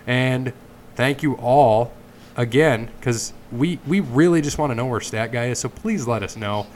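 A man hosts a relaxed sports podcast, reading sponsor plugs. His voice sits at an ordinary middle pitch, with a faint hiss of background noise under it. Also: unhurried. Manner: chatty, reads sponsor plugs. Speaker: podcast host. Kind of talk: casual podcast chat.

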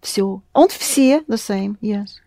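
A woman's voice: medium pitch, expressive, dark tone, no room sound, studio quality. Patient woman teaching a language lesson. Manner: patient, encouraging, repeats words slowly and clearly.

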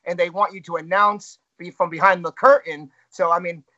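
A man's voice: high voice, steady tone, normal speed, sharp tone, dull audio. A man who works as a wrestling ring announcer, talking candidly and self-critically in a casual interview.

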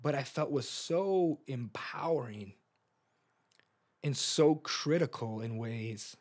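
A man in his thirties talks through a personal story on his podcast, earnest and emotionally open. His voice is husky with a breathy edge, sitting at a middle pitch for a man. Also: animated, takes it slowly, darkish tone. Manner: earnest, open about feelings, storytelling with fillers. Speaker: podcast host. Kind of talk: personal reflective monologue.

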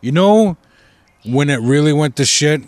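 A man's voice: on the high side, expressive, a little slow, darkish tone, no echo. A man co-hosting a casual chat, teasing the others and cursing freely. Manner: swears freely, teasing, jokey. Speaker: podcast co-host.

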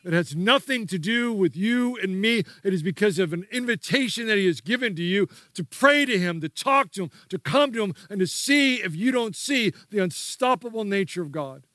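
A man's voice: sits high, animated, normal speed, few pauses, sharp tone, no echo, clean studio sound. A man preaching a sermon as pastor, emphatic and repetitive, prompting the congregation to repeat key words.

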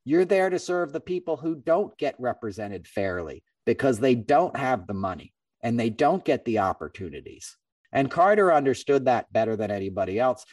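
A middle-aged man hosting a podcast, telling a story in a casual, animated way and acting out other people's lines. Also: medium pitch, normal speed, dry recording, far from the mic. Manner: animated, acts out quoted voices. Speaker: podcast host.

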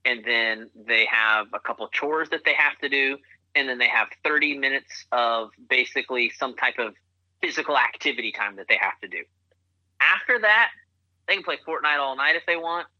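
A man's voice: mid-range voice, expressive, normal speed, sharp tone, dry recording. A man, an author and parent, talking earnestly as a guest in a podcast interview, coaching with repeated phrases. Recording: muffled lo-fi remote line.

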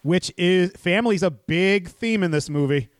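A man's voice: high voice, moderate pace, clean tone, dry recording. A man hosting a podcast who recaps a movie plot and chats animatedly, laughing easily. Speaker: podcast host. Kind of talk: movie recap and casual chat.

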